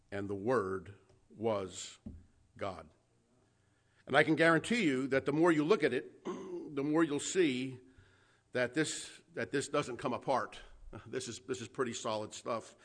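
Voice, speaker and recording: A man's voice: mid-range voice, a bit bright. A man preaching an expository sermon, teaching a Bible text with emphasis, stretching out key words and asking his listeners questions.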